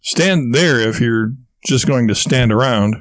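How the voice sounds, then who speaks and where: A man's voice: mid-range voice, unhurried, dry recording, lightly acted. A man voicing a pompous, bossy office worker in a read-aloud novel, talking down to people and boasting. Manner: bossy, self-important.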